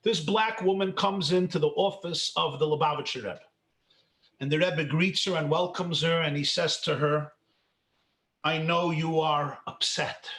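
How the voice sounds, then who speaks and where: A man from New York tells a story from the lectern as a rabbi, his voice sitting notably high. He keeps it animated, firing rhetorical questions at his listeners and chuckling at his own jokes. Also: normal speed, echoey room. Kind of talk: storytelling lecture.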